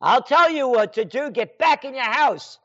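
Smug entitled governor, high and taunting, bossy sing-song; a man plays him. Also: lively intonation, normal speed, fairly bright tone, heavily acted. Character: smug spoiled rich-boy male governor. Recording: dull lo-fi sound.

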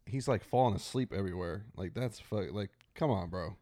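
A man's voice: deep voice, fairly quick, warm tone, dry recording, studio quality. A man as a podcast guest, chatting casually and reacting with profane disbelief. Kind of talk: casual chat.

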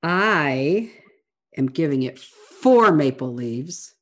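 A woman with a low, deep voice chats earnestly about a book she has read. She talks in animated bursts and restarts her phrases often, the way a librarian co-hosting a casual podcast would. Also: drawn-out words. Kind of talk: casual book-club chat.

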